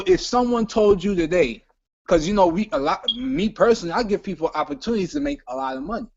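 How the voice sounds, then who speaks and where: A man's voice: high voice, vocal fry, dry recording, lo-fi sound. A man with a Caribbean island accent, speaking emphatically and repeating himself as a business panelist giving a motivational talk. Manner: emphatic, repetitive, preachy.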